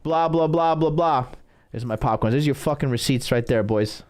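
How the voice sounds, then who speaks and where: A man's voice: mid-range voice, moderate pace, darkish tone, slight background noise. A man hosting his own stream as a dating coach, ranting in a profane, boastful, rambling way. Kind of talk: ranting livestream monologue.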